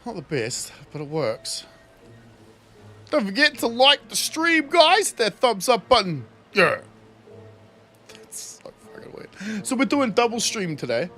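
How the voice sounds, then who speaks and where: A man's voice: sits high, huge pitch swings, a little slow, sharp tone, faint music behind. A young man casually commenting on his game during a livestream, laughing often and swearing freely. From New Zealand. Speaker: streamer.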